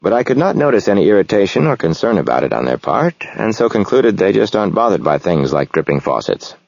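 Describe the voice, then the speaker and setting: A man narrating a novel in the first person, reflective and measured. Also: lowish voice, very animated, creaky, darkish tone, dry recording, lo-fi sound. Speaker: audiobook narrator.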